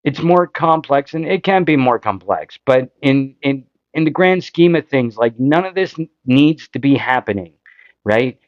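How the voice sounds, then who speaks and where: A man's voice: mid-range voice, expressive, normal speed, no room sound, muffled recording. A Canadian man hosting a podcast, giving casual political commentary in an impassioned, frustrated way, full of rhetorical questions. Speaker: podcast host.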